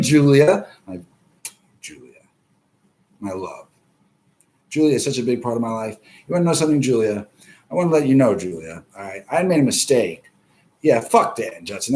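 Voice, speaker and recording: A man hosting a livestream, ranting and swearing constantly, greeting chat viewers by name and swinging between loud outbursts and low mutters. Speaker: livestream host. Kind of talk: profane livestream rant.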